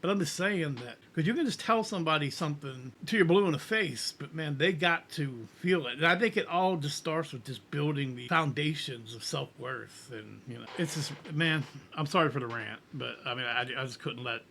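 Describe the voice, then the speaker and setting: A man's voice: a little high, moderate pace, creaky, few pauses, pushed and bright. A middle-aged man hosting a music reaction, talking earnestly in a rambling way with frequent restarts. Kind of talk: casual reaction commentary.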